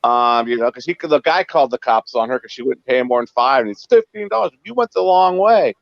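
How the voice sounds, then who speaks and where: Animated man telling stories, dull dry sound. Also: medium pitch, fairly quick, vocal fry, no echo. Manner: animated, acts out dialogue in quotes. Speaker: co-host, former cab driver. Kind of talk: casual storytelling chat.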